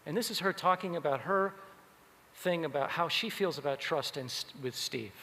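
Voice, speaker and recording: Bright-voiced man telling keynote stories. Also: fairly high pitch, normal speed, a little hiss or hum. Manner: animated, acts out quoted voices. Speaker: keynote speaker. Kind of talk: keynote storytelling. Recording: long hall reverb.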